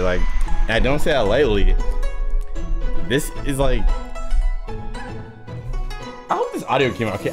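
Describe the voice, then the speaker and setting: A man hosting a reaction video from a home setup, talking into a headset. He is breathless and hyped, his pitch leaping up and down with every burst of excitement, while faint music plays underneath. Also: moderate pace, long pauses.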